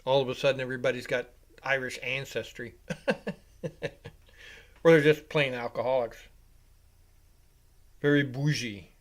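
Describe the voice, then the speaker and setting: A man hosting a live reaction show, giving casual play-by-play commentary. He rambles off-topic, swears freely and gets louder and higher whenever he calls the action. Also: level tone, moderate pace, pauses often. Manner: rambling and casual, with profanity, rising and louder when calling plays.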